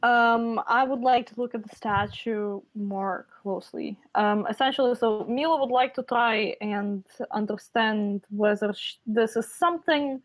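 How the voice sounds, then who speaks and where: Woman playing a tabletop rpg, a bit high voice, chatty n hesitant, dry close sound. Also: a little slow, few pauses, no echo. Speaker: player. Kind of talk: tabletop game play.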